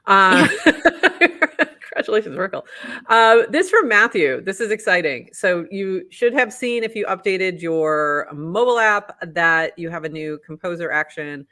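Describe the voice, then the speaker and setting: A man with a Boston accent co-hosting a live show, briskly reading posts aloud and commenting on them. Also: high voice, expressive, pushed and bright. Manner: brisk, upbeat, reads posts then comments. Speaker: co-host.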